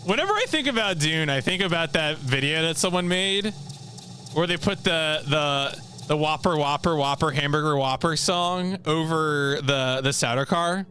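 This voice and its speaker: A man streaming a video game, chatting casually with viewers in an animated way and laughing often. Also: on the high side, moderate pace.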